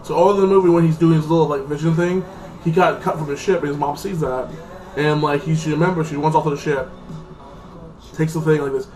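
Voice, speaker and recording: A man's voice: a little high, fairly even intonation, a little fast, darkish tone. Rambling man reviewing a movie. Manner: rambling, full of "like", acts out characters. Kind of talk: casual spoken movie review. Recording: voice a bit far from the mic, faint music behind.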